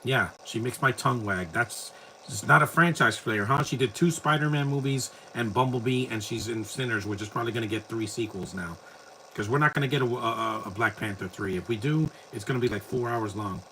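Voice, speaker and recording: A man's voice: mid-range voice, brisk, pushed and bright, slight background noise, poor audio. A man giving casual, opinionated live commentary while watching a movie, rambling and blunt.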